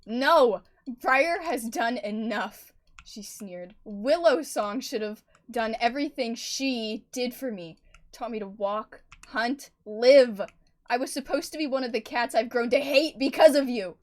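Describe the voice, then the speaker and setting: A woman voicing a young, defiant female barn cat in a roleplay, loud in dialogue and soft in narration. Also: on the high side, big pitch swings, measured pace, breathy edge, exaggerated voice. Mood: upset. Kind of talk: voice-acted roleplay.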